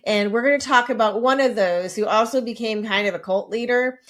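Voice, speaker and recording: A woman's voice: on the high side, brisk, a bit bright. A woman co-hosting a podcast, reading out facts in casual chat with chatty asides. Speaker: podcast co-host.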